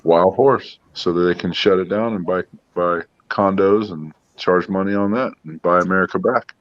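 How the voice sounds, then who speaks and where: A deep-voiced man talking shop in a relaxed, rambling way, leaning on fillers. The sound is dry and dull, with a lo-fi edge. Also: moderate pace, no room sound. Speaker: parts salesman. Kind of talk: casual garage chat.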